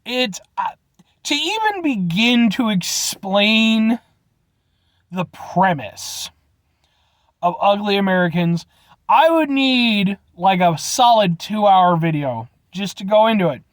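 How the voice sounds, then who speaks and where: A man hosting a casual food review vlog from inside his truck, playful and animated, talking straight to his viewers. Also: sits high, slow pace, dry recording. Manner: animated, playful, keeps addressing viewers as folks.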